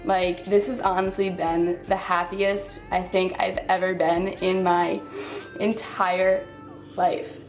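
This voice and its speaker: A woman's voice: fairly low pitch, flat delivery, slow pace, soft background music, rough recording. A woman in her twenties talks through a personal vlog, on the verge of tears, heavy on "like" and "um". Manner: heartfelt, filler-heavy talk with frequent "like" and "um". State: tearful, on the verge of crying. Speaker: fitness vlogger.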